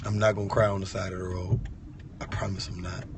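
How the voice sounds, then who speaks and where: A man's voice: low voice, level tone, fast, very noisy. A man sharing an impassioned devotional message from inside a vehicle, fervent and repetitive, with casual slang. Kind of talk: impassioned devotional vlog talk.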